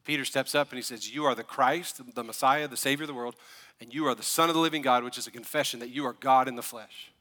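Bright-voiced fired-up male pastor preaching. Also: medium pitch, fast talker, in a large hall. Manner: animated, building to fired-up preaching with asides. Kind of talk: sermon. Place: church sanctuary.

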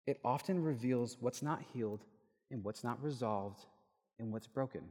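A man's voice: medium pitch, moderate pace. Man, young adult, pastor, sermon, storytelling, long hall reverb. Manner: storytelling, animated when quoting others. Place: church hall.

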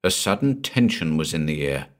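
A man reading a pulp horror story aloud as narrator, in an expressive storytelling manner. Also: rumbling low, normal speed.

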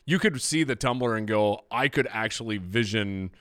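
A man hosting a casual movie podcast, relaxed and hesitant, often checking in with "right?". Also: on the low side, normal speed, no echo, clean studio sound. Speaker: podcast host.

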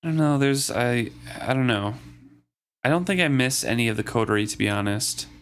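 A man co-hosts a book podcast in casual chat. He speaks in a measured, analytical way and often restarts his sentences as he searches for words. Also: medium pitch, lively intonation, fairly bright tone, smooth. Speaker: podcast co-host.

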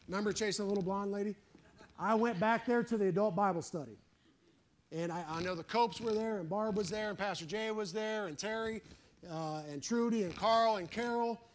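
A man's voice: high voice, a little fast, a bit bright. A male pastor preaching a sermon, fervent and emphatic, calling out for an "Amen" and telling folksy, plain-spoken stories.

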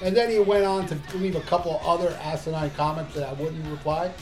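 A man co-hosting a podcast in casual chat, telling stories and reading listener comments with animated, profane energy. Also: a little high, a little fast, soft background music. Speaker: podcast co-host.

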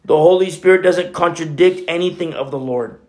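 Male pastor, conversational sermon, earnest and chatty, moves between hushed and emphatic delivery. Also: a little high, brisk. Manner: earnest, chatty, frequent "you know" asides.

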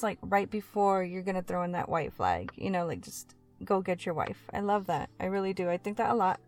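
A woman host interviewing a guest, asking measured questions with fillers and sounding supportive. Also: medium pitch. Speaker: podcast host.

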